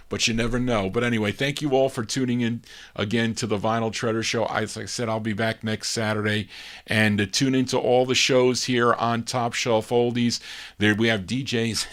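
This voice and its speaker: A man's voice: lowish voice, a bit bright. A man hosting a live oldies radio show, chatting in a friendly way through his sign-off, a bit out of breath. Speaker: radio DJ host.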